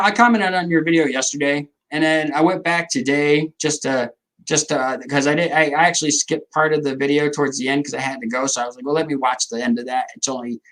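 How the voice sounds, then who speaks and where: A man's voice: mid-range voice, fairly bright tone, poor audio. A middle-aged man, hosting a casual livestream, rambling and joking as he answers viewers' comments. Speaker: livestream host.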